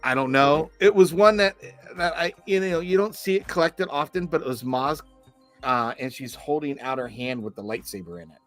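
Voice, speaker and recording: A man's voice: on the high side, moderate pace, fairly bright tone, soft background music. A man co-hosting a podcast, telling a long story in casual chat with lots of restarts. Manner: rambling storyteller, many restarts. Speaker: podcast co-host.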